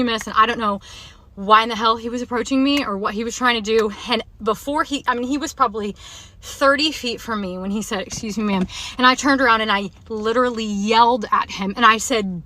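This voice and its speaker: A woman's voice: on the high side, steady tone, fairly quick, sharp tone. A woman telling a story in an agitated selfie-video rant, speaking emphatically and repeating herself. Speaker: social media video poster.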